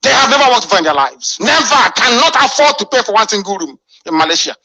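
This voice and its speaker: A man's voice: sits high, very animated, fast, pushed and bright, dry recording, low-quality recording. A man delivering a fiery, scornful radio address full of rhetorical questions. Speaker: radio broadcaster.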